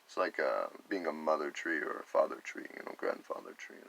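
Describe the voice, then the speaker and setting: A man's voice: extremely low pitch, lively intonation, brisk, creaky, fairly bright tone. A man in a rambling spiritual monologue, musing on energy and acting out imagined conversations. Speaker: vlogger talking about energy healing.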